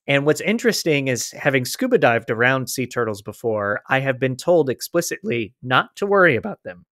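A man's voice: medium pitch, sing-song, a little fast, fairly bright tone, dry recording. Chatty man podcast host, dry sound. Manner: chatty, laughs easily, restarts. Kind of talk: casual chat, reading a quote aloud.

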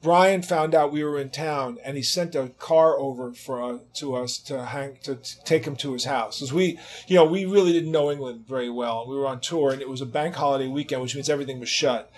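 A man in his sixties, an interview guest telling casual anecdotes in an animated way, swearing freely and acting out the people he quotes. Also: mid-range voice, a little fast, few pauses. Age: 60s. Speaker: interview guest, rock guitarist.

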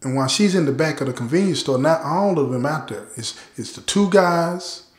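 A man's voice: fairly high pitch, expressive, fairly quick. Man telling a story in an echoey room. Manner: conversational, addresses listeners directly. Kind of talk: casual true-crime storytelling. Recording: roomy echo.

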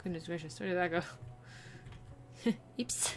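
A woman plays a video game while giving playful, chatty commentary at a measured pace, now and then breaking into sudden high, excited squeals.

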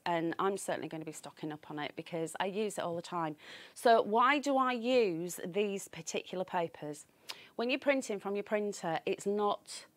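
A woman's voice: medium pitch, no echo. A middle-aged woman hosting a live craft show, chatting upbeat and pushing prices and deals as she demonstrates papers. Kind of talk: live product demonstration and sales chat.

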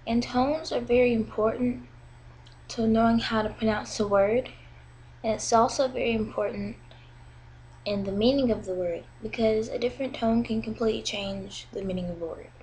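A young woman giving a casual video lesson, drawing out example sounds slowly and carefully as a teacher. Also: fairly high pitch, a little mellow, a little hiss or hum, rough recording. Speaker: language teacher.

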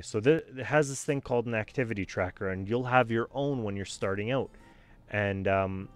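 A man with a low voice gives casual, rambling gameplay commentary, often talking to himself and trailing off into fillers. Quiet music plays faintly behind him. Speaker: streamer voicing a game.

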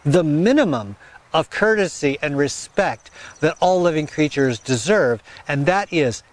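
Guy hosting a garden show, kinda high voice, folksy and direct, keeps saying okay. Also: animated, a little slow. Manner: earnest, folksy, direct advice with frequent "okay?". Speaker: gardening channel host. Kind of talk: casual advice talk.

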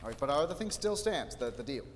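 A man's voice: fairly high pitch, very animated, fast talker. A man playing Shelley, a desperate wheedling salesman. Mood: bitter. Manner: wheedling, stammering, bursts of anger. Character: desperate aging male salesman, pleading and bullying. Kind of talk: live stage acting. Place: theater stage. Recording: roomy hall, faint noise.

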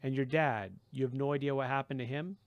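A wry, blunt teenage boy who fires off quick questions in a slightly raised, gravelly voice, as a male reader puts him on. The sound is close and dry, with no echo. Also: mid-range voice, highs cut off, lightly acted. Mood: curious. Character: sarcastic teenage boy hero, blunt and curious.

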